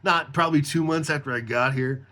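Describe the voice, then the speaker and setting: Middle-aged male storyteller, slightly high voice, casual, foul-mouthed, rambling. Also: a little fast, pushed and bright. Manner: profane, rambling, laughs mid-story.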